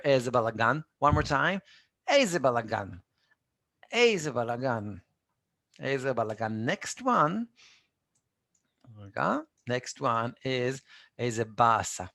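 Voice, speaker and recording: Male tutor, patient drilling style, gravelly tone, dead-dry room. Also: mid-range voice, a bit bright. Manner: patient, repeats phrases for students to echo. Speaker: Hebrew teacher. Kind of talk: live online language lesson.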